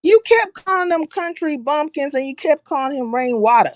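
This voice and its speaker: A woman hosting a casual live stream, talking bluntly and swearing freely, pausing to shout out viewers by name. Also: sits high, animated, dry recording.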